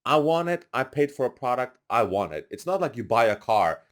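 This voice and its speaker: He's a young podcast guest with a brisk, medium-pitched voice, spinning casual anecdotes and performing other people's lines at full volume.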